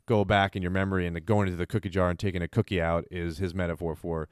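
A man's voice: low voice, level tone, racing, smooth, no room sound, studio quality. A man in casual chat, musing reflectively about motivation with many "like" fillers.

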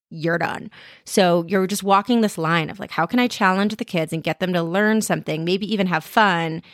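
A woman's voice: fairly low pitch, no echo, clean studio sound. A woman in her thirties hosting a podcast, telling candid personal stories in a frank, self-deprecating way and swearing freely. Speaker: podcast host. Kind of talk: candid personal storytelling monologue.

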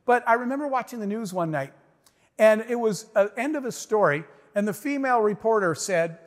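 A man's voice: high-pitched, lively intonation, a little fast. Middle-aged man, motivational stage talk, emphatic storyteller, raised voice, long echo. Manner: emphatic storytelling, addresses the audience directly. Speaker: motivational speaker. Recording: long hall reverb.

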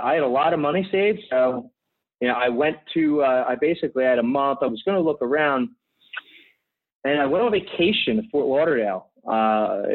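A man in his thirties from Philadelphia, a podcast guest telling stories in an energetic, rambling way full of "you know" asides. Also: medium pitch. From Philadelphia, USA. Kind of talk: conversational interview storytelling. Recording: tinny phone-like line.

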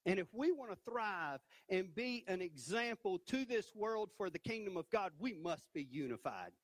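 A man preaching a sermon from a church stage, animated and emphatic, punctuating points with "right?". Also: high-pitched, moderate pace, no echo, poor audio. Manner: animated, rising to emphatic peaks with repeated "right?".

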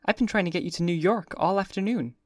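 A man's voice: high voice, quick pace, no echo, studio quality, pitched above the performer's own voice, natural voice. A man reading aloud and voicing a charming, breathless young society woman who gushes and murmurs playfully. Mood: teasing.

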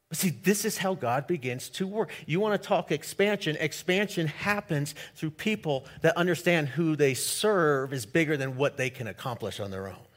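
A male pastor with a voice on the high side reads scripture and preaches in an animated, jokey manner, swinging between loud and hushed delivery.

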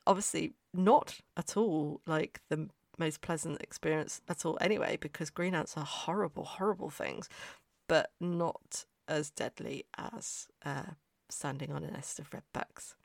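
Gravelly, chatty storyteller. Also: mid-range voice, a little slow, dry recording, clean studio sound. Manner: chatty, self-mocking, trails off and restarts. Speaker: podcaster. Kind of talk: casual anecdotal storytelling.

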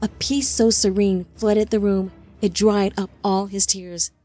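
A woman narrating an audiobook in a measured, somber storytelling manner on a close mic. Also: mid-range voice, fairly even intonation, mellow.

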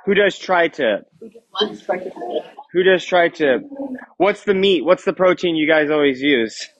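A youth pastor with a high, light male voice jokes with his young crowd and keeps firing questions at them. The sound is dry and a bit dull, as if close-miked on a modest system. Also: expressive, unhurried, no echo. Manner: joking, chatty, asks the crowd questions. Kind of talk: casual youth sermon. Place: church youth room.

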